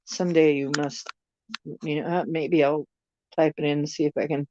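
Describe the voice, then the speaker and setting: A woman's voice: low voice, little pitch movement, normal speed, a little mellow, dull audio, slight background noise. A woman from the United States hosting a casual live stream, musing aloud and answering viewer comments. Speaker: channel host chatting with viewers.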